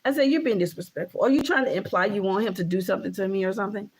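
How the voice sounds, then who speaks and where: A woman's voice: mid-range voice, animated, very fast, breathy edge. A woman in her thirties ranting casually to camera as a vlogger, emphatic and repetitive, with frequent swearing. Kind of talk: casual vlog rant.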